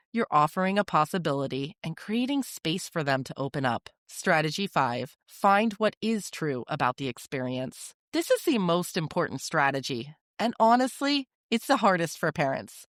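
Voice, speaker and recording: A woman hosting a parenting podcast, giving measured, reassuring instructional talk. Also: sits low, expressive, fairly bright tone, no echo, clean studio sound.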